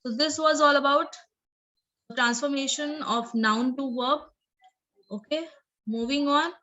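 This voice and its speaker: A woman's voice: sits high, measured pace, bright, forceful tone, lo-fi sound. A woman teacher explaining English grammar in a recorded lesson, repeating and rephrasing points and checking in with "okay" and "right".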